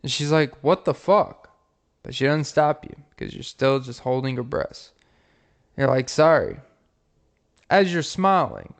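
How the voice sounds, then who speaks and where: A man hosting a podcast who tells comic scenarios in a rambling, profane way, with pauses and "um"s. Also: medium pitch. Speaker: podcast host. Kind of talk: comic storytelling.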